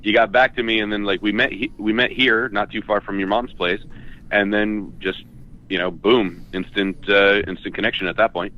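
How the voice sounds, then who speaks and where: A man's voice: lowish voice, fairly even intonation, moderate pace, pushed and bright. A man in his forties from Southern California, a radio guest casually reminiscing. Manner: easygoing, anecdotal. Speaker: guest, former intern. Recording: dull, lo-fi sound.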